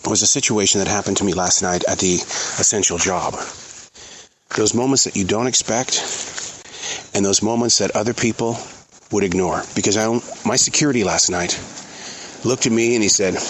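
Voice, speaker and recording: A man's voice: fairly low pitch, slight background noise. Earnest man musing aloud outdoors. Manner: earnest, pauses and repeats himself. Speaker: podcast host. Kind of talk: reflective outdoor monologue. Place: outdoors in a forest.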